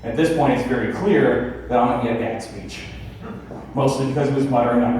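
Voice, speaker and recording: A young man performing a stand-up comedy set in a club, telling a story in an animated way and acting out the people in it. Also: medium pitch, quick pace, heavy background noise. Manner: animated storytelling with acted-out quotes. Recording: echoey club audio from a far camera.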